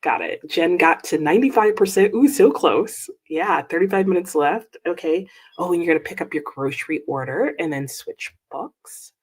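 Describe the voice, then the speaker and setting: A woman with a slightly low voice chats casually on a reading livestream, recorded at her home desk. She greets viewers one by one and reacts brightly to their comments with small exclamations. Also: expressive, moderate pace, hardly any pauses, husky. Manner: upbeat, reads viewer comments aloud with little exclamations. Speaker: livestream host. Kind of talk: casual live-chat reading stream.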